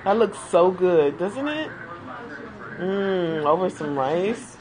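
Woman livestream host, slow and chatty, bubbly, crowd noise behind. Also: fairly low pitch. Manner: chatty, animated, laughs often, calls viewers girl. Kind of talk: casual livestream chat with viewers.

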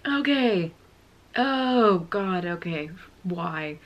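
A woman's voice: lowish voice, animated, extremely slow, dull audio. A young woman reacting to music, sighing and fighting back tears as she talks casually. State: close to tears.

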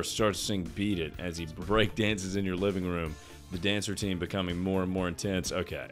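A man's voice: low-pitched, fairly even intonation, normal speed, fairly bright tone, faint music behind. A young man streamer reading an AI chat aloud for laughs, with a playful, mocking delivery.

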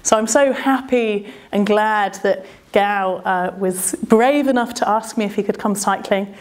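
At a measured pace and in a mid-range voice, a British adventurer and speaker relates a travel story. She talks in a chatty, self-deprecating manner and often laughs.

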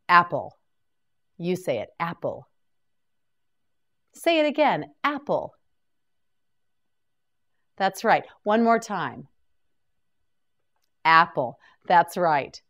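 Slow, lively-voiced woman teaching vocabulary. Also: on the low side. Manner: slow, deliberate repeat-after-me drilling. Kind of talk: slow drilled vocabulary lesson.

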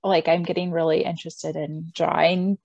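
A woman's voice: sits low, little pitch movement, moderate pace, vocal fry, a little mellow, slightly rough, no echo, highs cut off. A woman guest in a casual chat, on a video call from her home. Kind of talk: casual discussion.

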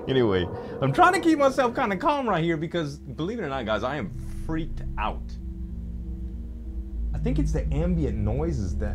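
With music playing behind him, a man narrates a VR let's play in a mid-range voice full of huge pitch swings at a moderate pace. This gaming YouTuber chats casually with viewers and with the items he picks up, laughing nervously now and then.

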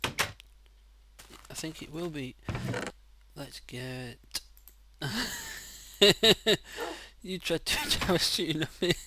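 A man casually commenting on his own gameplay, excitable and quick to swear loudly when frustrated, speaking into a desk mic. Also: a little high, background noise. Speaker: gaming channel host. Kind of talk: casual let's-play commentary.

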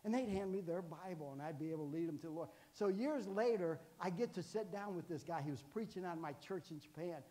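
A man's voice: high voice, expressive, fast, hardly any pauses, warm tone, big-room sound. A man in his sixties, a guest preacher telling jokey, folksy stories in a sermon and often asking "amen". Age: 60s. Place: church sanctuary.

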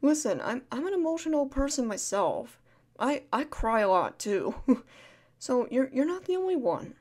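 A woman in a whispered role-play as a caring friend, talking softly and soothingly, repeating comforting words and shushing gently. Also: sits high, big pitch swings, normal speed. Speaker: ASMR creator playing a caring friend.

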